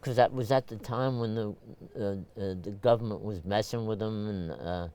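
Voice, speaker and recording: An older man from Brooklyn, telling stories at a rambling pace, full of fillers and restarts, and clearing his throat often. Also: fairly low pitch, normal speed, warm tone. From Brooklyn, New York. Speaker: photographer, interview guest. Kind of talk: casual storytelling interview.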